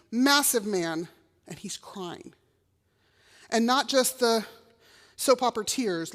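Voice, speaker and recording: Woman, middle-aged, telling a personal story, echoing chapel hall, fairly high voice. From Texas. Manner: storytelling, acting out quoted voices. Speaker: chapel speaker. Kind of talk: personal testimony talk. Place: college chapel. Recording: long reverb of a chapel hall.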